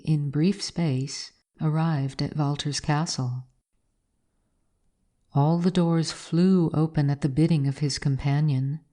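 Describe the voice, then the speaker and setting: A woman reading an old gothic tale aloud in slow, measured narration. Her voice sits low and mellow. She takes her time over each phrase. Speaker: reader.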